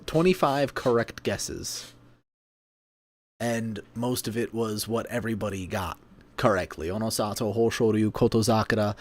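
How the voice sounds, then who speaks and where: A man chats casually on a home livestream, at a middling pitch for a man. He pokes fun at himself, laughs easily, and keeps talking between bites of food. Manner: chatty, self-deprecating, laughs often. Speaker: sumo livestream host.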